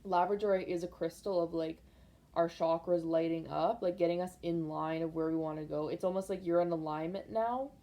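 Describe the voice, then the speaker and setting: A woman's voice: lowish voice, steady tone, brisk, warm tone. A woman doing a casual pick-a-card tarot reading, rambling and speaking intuitively to viewers with lots of fillers.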